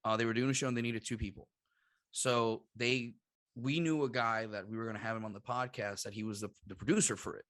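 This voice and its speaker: Puerto rican guy on a podcast, bright punchy voice, swears a lot, acts out every quote. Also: mid-range voice, fairly quick, no echo, studio quality. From Puerto Rico. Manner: animated, swearing, laughing often, acts out quotes. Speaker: podcast guest. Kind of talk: casual storytelling.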